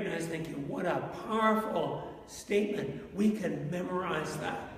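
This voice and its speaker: A man's voice: high voice, moderate pace, far from the mic. A pastor preaching an interactive sermon, asking his congregation questions and telling stories. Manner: asks the congregation questions, storytelling. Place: church sanctuary. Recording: echoey church with long reverb.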